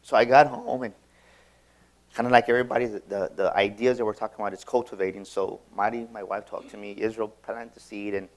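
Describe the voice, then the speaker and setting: A man's voice: lowish voice, fairly even intonation, fast talker. A man giving a motivational seminar talk, telling a personal story with emphatic delivery and frequent repeated words and restarts. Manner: emphatic, acts out quoted dialogue. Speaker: motivational speaker.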